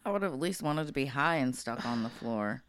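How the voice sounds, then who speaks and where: A woman's voice: extremely low pitch, expressive, fairly quick, a little hiss or hum. A woman co-hosting a casual podcast, a caregiver telling blunt, profane stories and laughing often. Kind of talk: casual chat.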